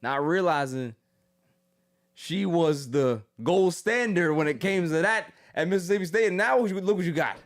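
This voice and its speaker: A male podcast host in casual ranting commentary, loud and mocking, slipping into quick impressions. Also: a little high.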